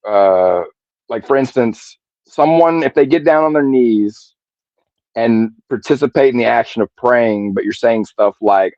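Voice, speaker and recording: A man talking on a video call in a casual stream chat, halting and searching for words with many fillers. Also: lowish voice, dry recording, dull audio.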